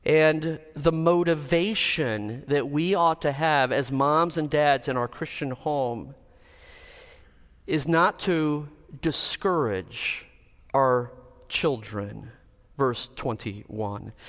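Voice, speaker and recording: A man preaching a sermon in a church, earnest and measured as he works through a numbered list. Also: a little high, fairly bright tone, in a large hall. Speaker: pastor.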